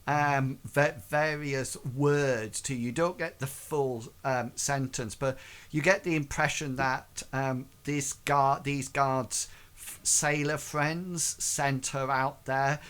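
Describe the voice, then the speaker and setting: Male game master, slow and meandering, mid-pitched, lots of pauses. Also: fairly even intonation, a bit bright, clear, resonant tone. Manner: halting, filler-heavy narration. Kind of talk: narrating a tabletop game.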